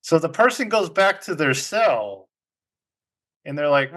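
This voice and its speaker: A man hosts a casual talk show with friends, laying out puzzles at a leisurely, unhurried pace. His voice sits a little high and swings up and down a lot. He laughs easily between lines. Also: sing-song, fairly bright tone. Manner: unhurried, lilting storyteller, laughs often. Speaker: podcast host. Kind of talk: casual group chat.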